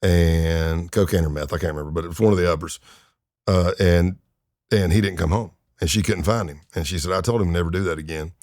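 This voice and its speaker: The speaker, a retired FBI undercover agent in middle age, is a podcast guest relaxing into crime stories with many fillers and chuckles. His voice sits low with a darkish tone and moves a little fast. The podcast studio audio has studio quality and no room sound.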